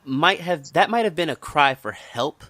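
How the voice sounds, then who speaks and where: A man's voice: a little high, lively intonation, moderate pace, pushed and bright, no room sound. A man from the United States hosting a podcast, talking politics in a casual, impassioned way and repeating words when worked up. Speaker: podcast host.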